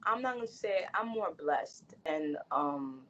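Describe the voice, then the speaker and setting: A woman speaks frankly and earnestly in a relaxed interview, circling back and repeating herself as she works through her thoughts. Her voice sits on the low side. The recording sounds dull and lo-fi. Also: unhurried. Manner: earnest and frank, with frequent restarts and repeated phrases. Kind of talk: candid conversational interview.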